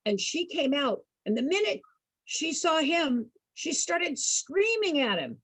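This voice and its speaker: Lively woman telling a story. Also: sits high, a little slow, no room sound, low-quality recording. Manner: lively, laughs often, asks the listeners questions. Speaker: entertainer for program participants. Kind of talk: animated personal storytelling.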